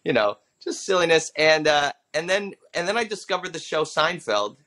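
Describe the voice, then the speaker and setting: Brief: male comic in his 30s, bright tone, lively storyteller who drops into voices. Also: fairly high pitch, moderate pace. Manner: animated storyteller who slips into character voices for quotes. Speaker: stand-up comedian guest. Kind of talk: casual interview storytelling.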